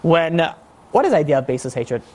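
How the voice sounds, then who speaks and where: A man giving a sermon as a rabbi, telling a story in an animated way and acting out the voices of its characters. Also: fairly high pitch, quick pace.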